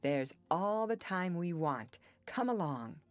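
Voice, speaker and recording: Brooding young farmer man, read by a woman, earnest, pleading, audiobook dialogue, slightly raised pitch. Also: big pitch swings, slow pace, dry recording.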